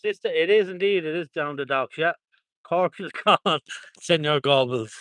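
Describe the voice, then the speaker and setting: A man's voice: a little high, a little slow, fairly bright tone, dry recording. Chatty Irish man streaming live. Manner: chatty, upbeat, thanks viewers by place. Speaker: livestreamer. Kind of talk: live stream commentary reading viewer comments. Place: outdoors at a protest.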